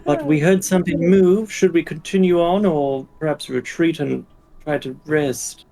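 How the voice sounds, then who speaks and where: A man playing a tabletop game, speaking in a mild, measured way. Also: fairly high pitch, mellow, poor audio. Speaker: player. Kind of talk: casual tabletop play.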